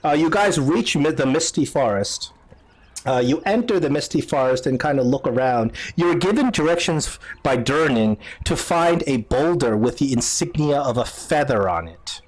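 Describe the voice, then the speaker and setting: A man's voice: mid-range voice, expressive, moderate pace. A man narrating as game master of a tabletop game, casual and loose, with lots of fillers and restarts.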